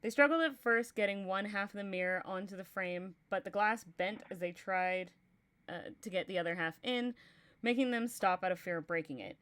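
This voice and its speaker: A young woman reading a horror story aloud on a livestream, steady in the reading and chatty between passages. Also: mid-range voice, moderate pace. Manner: reads steadily, breaks into laughter and chat between passages.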